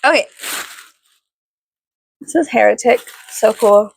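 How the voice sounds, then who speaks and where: A woman's voice: a little high, slow pace, creaky, husky. A woman vlogger chatting casually through an unboxing, giggly, rambling and poking fun at herself. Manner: giggly, rambling and self-mocking. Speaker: vlogger reviewing a perfume package.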